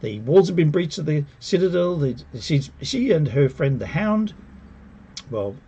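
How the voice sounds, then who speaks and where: Sarcastic gravelly man reviewing TV. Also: fairly high pitch, unhurried, a little hiss or hum. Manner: animated, sarcastic, mocks characters with put-on quotes. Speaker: TV show reviewer. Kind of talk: casual spoken review.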